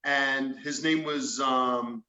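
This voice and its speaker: A man's voice: mid-range voice, steady tone, drawn-out words, pushed and bright, roomy sound, highs cut off. A man, a former police detective, telling a story in a podcast chat, acting out quotes and swearing freely.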